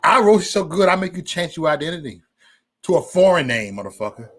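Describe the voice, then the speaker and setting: A man hosting a casual livestream, with a slightly high voice that swings up and down constantly. He jokes loudly, swears freely and laughs often as he banters with his viewers. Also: very animated, quick pace. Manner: loud, joking, profane banter with frequent laughs. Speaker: live stream host.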